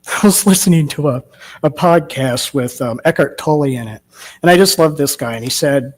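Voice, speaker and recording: A man delivers a Sunday message in a church sanctuary. His voice sits a bit on the high side. He speaks in a storytelling way and often turns to rhetorical questions. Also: normal speed. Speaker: minister. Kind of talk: sermon.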